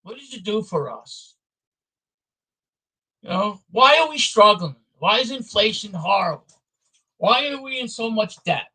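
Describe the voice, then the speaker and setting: A man speaks in a high register, rattling off repeated complaints in a blunt, heated way. His tone is bright and a little sharp, as in a solo rant recorded for his own channel. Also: big pitch swings, a little slow, pauses often, husky, poor audio. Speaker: vlogger. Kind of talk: angry political rant to camera.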